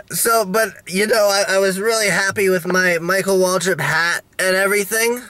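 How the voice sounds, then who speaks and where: A man vlogging in a halting, rambling way, full of restarts and fillers, with a melodramatic, self-pitying tone. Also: high voice, fairly even intonation, bright, forceful tone. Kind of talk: rambling video diary.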